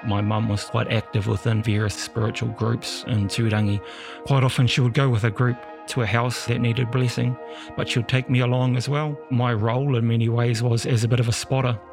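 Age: young adult. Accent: New Zealand. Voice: gravelly, relaxed. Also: male voice, mid-range voice, fairly quick, music in the background. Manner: relaxed, candid, laughs easily. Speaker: podcast guest. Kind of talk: personal storytelling.

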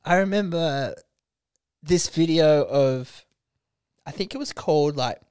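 A man's voice: on the high side, measured pace, darkish tone, clean tone, dry recording, clean studio sound. A young man hosting a podcast, telling crude school stories in casual chat, swearing freely and laughing often. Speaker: podcast host.

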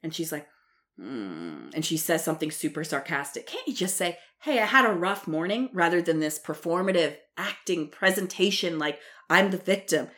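A woman's voice: lowish voice, fairly quick, few pauses, fairly bright tone. A woman co-hosting a casual chat, heated and swearing freely as she recaps and acts out what others said. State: worked up from iced coffee. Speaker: podcast co-host.

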